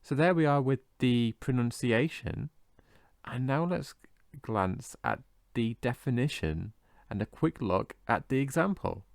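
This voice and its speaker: Guy teaching english words, sounds them out slow n careful, voice goes up and down a lot. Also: medium pitch, animated, gravelly, no room sound, clean studio sound. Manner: slow, careful modelling of pronunciation. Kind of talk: scripted vocabulary lesson.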